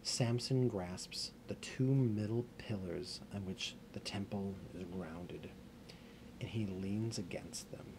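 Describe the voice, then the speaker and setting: Male storyteller, dramatic, halting, repeats words, whispers for effect, gravelly voice, noisy recording. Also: on the low side. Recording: noisy background ambience.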